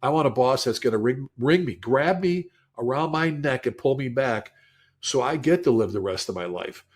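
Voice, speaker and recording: A man co-hosting a fire service podcast in a mid-pitched voice. He tells his stories with emphasis and keeps returning to the same phrases to hammer a point home. He speaks in a casual, conversational way. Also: lively intonation, moderate pace. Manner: emphatic storytelling with repeated phrases.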